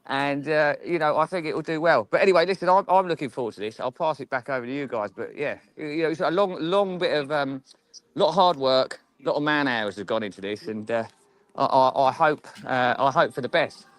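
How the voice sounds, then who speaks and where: A relaxed man with an English accent and a fairly high voice, recorded dry and close. He rambles easily, restarts his sentences and calls people "mate". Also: brisk, no room sound. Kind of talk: casual live-stream chat.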